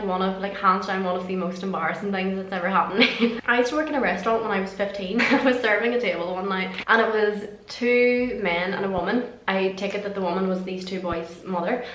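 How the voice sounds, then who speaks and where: A woman's voice: mid-range voice, fairly bright tone. A young woman in her twenties, chatting casually through viewer questions in a rambling, laughing way, swearing now and then. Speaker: vlogger. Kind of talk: casual chat answering questions. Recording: roomy echo.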